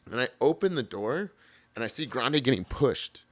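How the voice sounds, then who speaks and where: A drummer from the United States, guesting on a podcast, tells a long road story in a casual, animated way, swearing a lot and acting out what people said. His voice is medium in pitch and his speed is normal.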